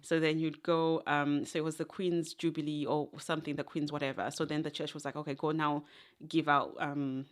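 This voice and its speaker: This podcast guest, a young adult woman from Zimbabwe, has a low voice with a level tone and speaks at normal speed. Chatting casually in an interview, she strays into tangential stories and often breaks into laughter.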